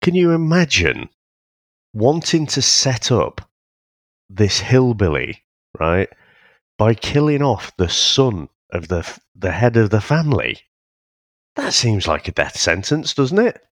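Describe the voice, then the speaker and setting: A man co-hosting a casual film review podcast, talking in a halting, thoughtful way with many restarts. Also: mid-range voice, very animated, dry recording, studio quality. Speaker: podcast co-host.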